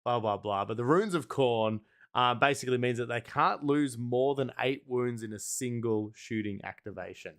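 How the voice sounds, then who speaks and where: A man's voice: mid-range voice, moderate pace, few pauses, smooth. An Australian man co-hosting a casual podcast, chatty and self-deprecating, who laughs easily. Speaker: podcast co-host. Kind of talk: casual chat.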